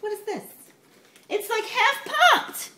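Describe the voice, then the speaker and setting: A man playing a brash, excitable middle-aged woman with a New York accent who gushes loudly and swears casually in a comedy sketch. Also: very high-pitched, takes it slowly, heavily acted. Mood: gushing excited. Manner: loud, gushing, swears casually. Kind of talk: comedy sketch character monologue. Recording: echoey room with background noise.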